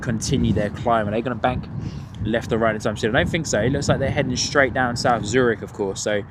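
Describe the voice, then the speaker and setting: A man's voice: mid-range voice, a little fast. A man hosting a live plane-spotting stream outdoors, chatting with viewers and laughing often. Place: outdoors by an airport on a cold windy morning. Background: wind and outdoor ambience.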